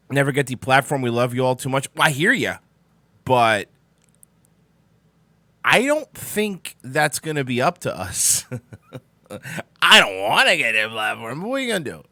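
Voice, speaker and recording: A man's voice: mid-range voice, sharp tone, no echo. A young man hosting a casual morning live stream, rambling and sarcastic, sleepy and yawning, swearing as he answers the chat. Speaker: host of a live-streamed morning talk show.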